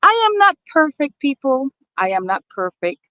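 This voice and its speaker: A woman's voice: sits high, sing-song, moderate pace, bright, forceful tone, no room sound, rough recording. A woman vlogger talking earnestly to camera, emphatic and repeating herself as she addresses her viewers as people. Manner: repeats and restarts phrases. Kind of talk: casual talk to camera.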